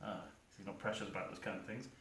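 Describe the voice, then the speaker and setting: A man performing a one-man comedy show, talking quietly and offhandedly with hesitant asides. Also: fairly low pitch, steady tone, fast talker, slight background noise. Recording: echoey room, distant mic.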